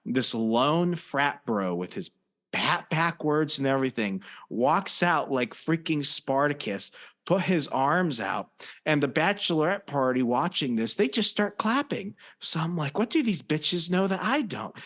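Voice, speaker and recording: A man hosts a casual podcast, spinning a long, animated story for his friends. He swears freely as he talks. His voice sits a little high. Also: a little slow. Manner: animated, profane anecdote teller. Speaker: podcast host.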